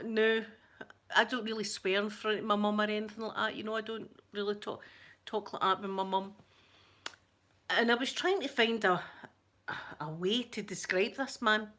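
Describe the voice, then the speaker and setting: A woman's voice: medium pitch, a bit bright. A Scottish woman telling a story to her viewers, chatty and rambling, with many stammering restarts. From Scotland. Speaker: channel host.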